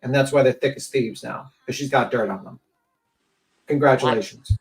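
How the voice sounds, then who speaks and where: A man's voice: medium pitch, normal speed, poor audio. A man hosting a livestream, giving heated, blunt opinion commentary with plenty of profanity.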